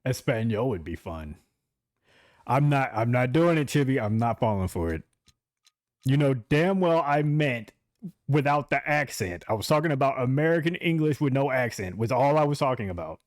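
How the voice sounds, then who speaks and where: A man's voice: medium pitch, animated, normal speed, no room sound, studio quality. A man streaming a game live, chatting casually and talking straight to his chat, laughing easily.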